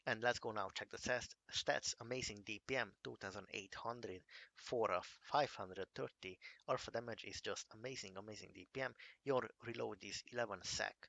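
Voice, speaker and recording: A man giving a casual game review, enthusiastic and halting, calling things amazing again and again. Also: on the low side, gravelly, sharp tone. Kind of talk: casual gameplay commentary.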